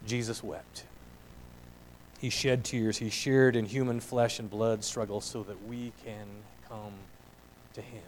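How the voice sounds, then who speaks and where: A middle-aged man preaching a sermon in an earnest voice, rising to strong emphasis and dropping to quiet reflection. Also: fairly low pitch, little pitch movement, takes it slowly, a little hiss or hum, rough recording. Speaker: pastor.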